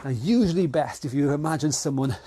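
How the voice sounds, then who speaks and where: A man's voice: on the high side, a little fast, warm tone, slight background noise. A British man with a stuffy nose, leading an online exercise class and encouraging people as he counts them through each round. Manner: upbeat, encouraging, counting down reps. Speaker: fitness instructor.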